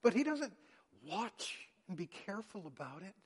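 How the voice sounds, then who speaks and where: A man preaching a sermon, dramatically acting out the quoted lines with big swings in loudness. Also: sits high, sing-song, moderate pace, husky. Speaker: pastor. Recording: long hall reverb.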